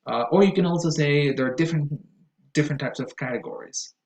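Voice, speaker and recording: In an echoey room, a man lectures on pronunciation, patiently explaining and repeating each word for emphasis. He talks fast, his voice on the high side and a little mellow.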